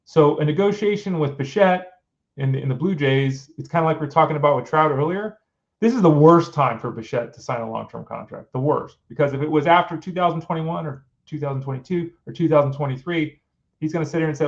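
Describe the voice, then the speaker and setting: A man's voice: on the high side, a little fast. Exasperated middle-aged man, dull lo-fi sound. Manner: exasperated, fires off rhetorical questions. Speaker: fantasy sports show host. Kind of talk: casual opinionated commentary.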